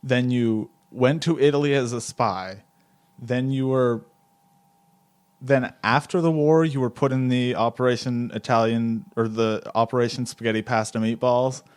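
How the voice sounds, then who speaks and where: A man's voice: medium pitch, fairly even intonation, normal speed, clear, resonant tone. A man hosting an improvised comedy podcast interview, rambling and stammering, often cracking up. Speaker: podcast host.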